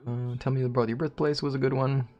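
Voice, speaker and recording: A man's voice: medium pitch, flat delivery, fast, darkish tone, dull audio. A man casually commenting on his game, rambling and joking with viewers. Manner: rambling, jokey, talks to viewers. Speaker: let's play host.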